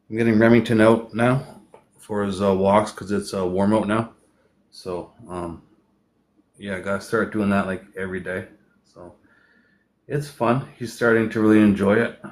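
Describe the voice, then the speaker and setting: A man talks as a guest on a livestream, pausing often and leaning on fillers. His voice is fairly low, and he speaks slowly, letting sentences fade out softly. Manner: hesitant, lots of fillers, trails off softly. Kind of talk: casual chat.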